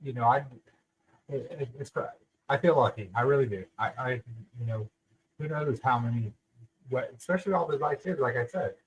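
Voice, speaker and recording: A man co-hosting a podcast, speaking in a halting, rambling way with many fillers. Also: mid-range voice, a little hiss or hum, poor audio. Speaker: podcast co-host. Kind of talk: casual podcast chat.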